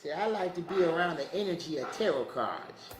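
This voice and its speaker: A man's voice: a little high, expressive, a little fast, crowd noise. A man chatting casually as a tarot reader on a livestream, slangy and laughing through his asides. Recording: echoey room.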